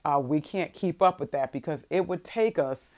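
A low-voiced woman preaches a sermon, reading scripture slowly and deliberately. Her expressive delivery shifts from quiet reflection to emphatic, rising bursts.

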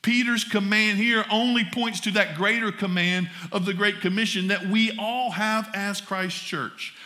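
A male pastor with a Southern US accent delivers a folksy sermon to his congregation. His voice sits high and sounds bright and forceful. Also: fairly even intonation, measured pace. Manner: folksy, addresses congregation as y'all. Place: church sanctuary.

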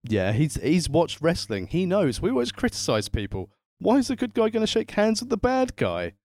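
A man's voice: high-pitched, huge pitch swings, moderate pace, darkish tone, no echo. A man co-hosting a casual wrestling podcast, slipping wry jokes into his points. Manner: wry, joking asides. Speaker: podcast co-host. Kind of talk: casual chat reviewing wrestling.

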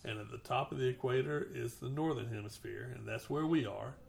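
Very deep gravelly woman co-hosting. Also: brisk, a little mellow, slight background noise. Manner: explains things step by step. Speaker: podcast co-host. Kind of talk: casual podcast chat.

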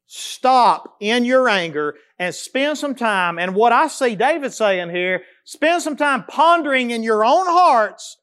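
A man, preaching a sermon as pastor, swinging between loud emphasis and quiet, slow repetition. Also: extremely high pitch, expressive, clear, resonant tone.

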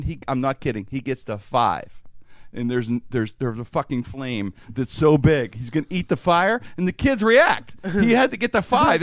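A middle-aged man, a podcast host, telling stories in casual chat with a profane, animated manner. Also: fairly high pitch, dry recording, clean studio sound. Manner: animated, profane, acts out quotes.

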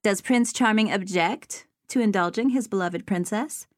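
A woman's voice: mid-range voice, moderate pace, no room sound, studio quality, close to an everyday voice. A woman voicing a romantic woman in her thirties who scolds playfully and wryly.

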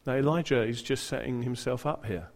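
Man preaching, mid pitch, dramatic and wry, long hall reverb. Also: fairly quick, a little mellow. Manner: dramatic, humorous storytelling. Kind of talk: sermon.

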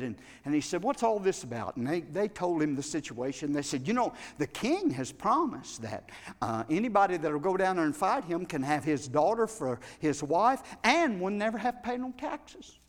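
A man preaching in a church, his voice sitting high for a man. He tells the story loosely and conversationally, then builds to shouted, impassioned preaching. A long hall reverb trails every phrase. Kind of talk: sermon.

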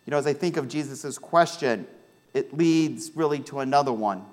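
A male pastor with a Midwestern American accent, preaching a sermon and telling a personal story with lively, acted-out quotes. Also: medium pitch, moderate pace. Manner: animated storytelling, acts out voices in quotes.

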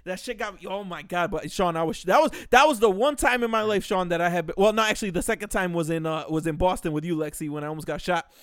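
A young man telling a story on a podcast, animated and profane, acting out the quotes loudly. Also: sits high, quick pace, few pauses, smooth, no echo, studio quality. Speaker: podcast host. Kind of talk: casual storytelling.

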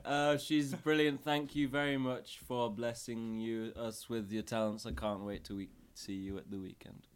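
A man's voice: medium pitch, flat delivery, moderate pace, few pauses, clean tone. A man co-hosting a podcast and playing a tabletop game, casual and joking. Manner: joking, playful asides. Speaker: player and co-host.

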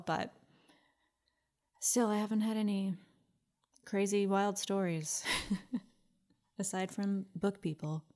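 A woman's voice: mid-range voice, darkish tone. A woman co-hosting a podcast in casual chat, talking freely and laughing often. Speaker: podcast co-host.

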